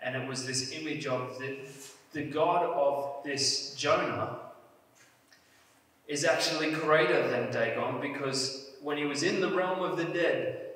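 A man's voice: on the high side, a little slow, a bit bright. A man preaching a sermon in an earnest way, leaning hard on key phrases. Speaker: pastor. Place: church hall. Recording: echoey church hall, mic at a distance.

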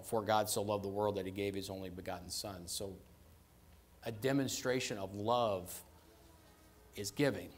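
A man preaching a sermon in a conversational way, stressing and repeating key phrases and often checking in with "right?" and "okay?". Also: on the low side.

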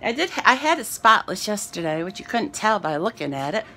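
A woman's voice: medium pitch, very animated, brisk, pushed and bright, slight background noise. A woman vlogger chatting casually to her viewers, rambling and self-deprecating, out of breath after dancing. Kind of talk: casual chat to camera.

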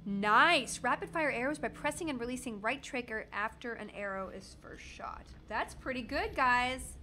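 A woman in her thirties talks through a video game with a high, bright voice that swoops up and down as she jokes and exclaims. Faint noise sits under her voice. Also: moderate pace. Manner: excitable, jokey, exclamatory. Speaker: gaming streamer. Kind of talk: let's play commentary.

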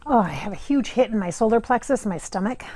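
A woman vlogging casually as a psychic, rambling and sassy, laughing often as she talks out loud. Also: on the high side, lively intonation, quick pace. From Minnesota, US. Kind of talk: casual blooper vlog talk. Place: home, car and outdoors.

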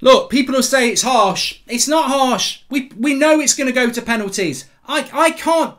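English male football streamer, middle-aged, blunt sweary ranter, sharp tone. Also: very high voice, moderate pace, few pauses. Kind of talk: live match reaction.

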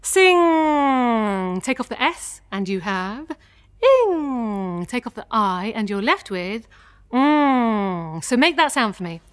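A woman voice teacher leading a guided vocal warm-up, gentle and encouraging as she demonstrates each sound. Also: mid-range voice, lively intonation, measured pace.

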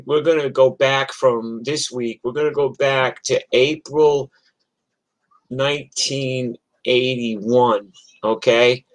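A man's voice: mid-range voice, rough recording. An older man from New York telling a personal story in a casual, rambling, profane way, with many restarts.

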